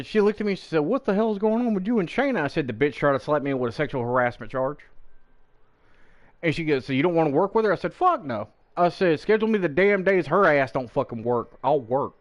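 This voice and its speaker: A man on a game stream recounts a story in loose, casual talk, his somewhat high voice swinging widely in pitch. He swears constantly and acts out every quoted line as he tells it. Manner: profane, animated, acts out quoted people in the story. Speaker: gaming streamer.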